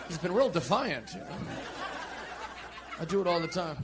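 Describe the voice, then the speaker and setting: A man in his forties doing stand-up, with self-deprecating deadpan setups and shouted punchlines. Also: fairly high pitch, a little fast. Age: 40s. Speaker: stand-up comedian. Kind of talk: stand-up routine. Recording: comedy club with crowd laughter and noise.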